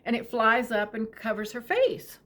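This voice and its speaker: A middle-aged woman telling a personal family story, tender and unhurried, often sinking to a whisper. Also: on the high side, animated, a bit bright.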